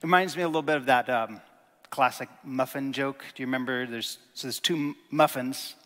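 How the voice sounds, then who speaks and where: A man preaching a sermon in a conversational, animated way, with jokes and sudden emphatic stresses. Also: medium pitch, brisk, long reverb tail.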